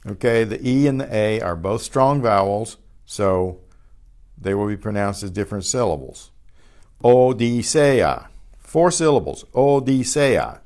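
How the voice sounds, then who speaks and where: An older man teaching a beginners' Spanish class, patiently sounding out each word twice and explaining pronunciation in a relaxed way. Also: fairly low pitch. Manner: patient, repeats each word slowly, trailing off quietly after explanations. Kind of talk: slow pronunciation lesson with repetition.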